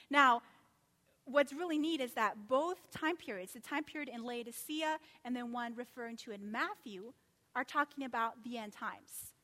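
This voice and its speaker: High-voiced woman preaching in a reverberant hall. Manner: animated, rhetorical questions, acts out quotes. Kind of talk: sermon.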